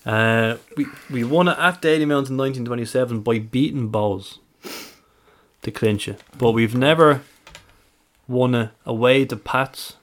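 A man's voice: mid-range voice, measured pace. A man co-hosting a casual podcast, methodically reeling off stats, dates and records. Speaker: podcast co-host, stats presenter.

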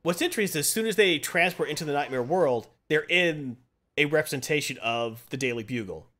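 A man's voice: a little high, expressive, brisk, pushed and bright. A man hosting a casual chat, retelling a comic plot and acting out the quotes as he goes. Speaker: podcast host.

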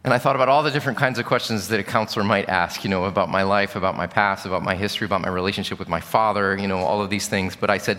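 A man's voice: on the low side, steady tone, very fast, hardly any pauses, fairly bright tone. A middle-aged male pastor preaching a sermon with earnest, candid storytelling. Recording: long reverb of a large hall.

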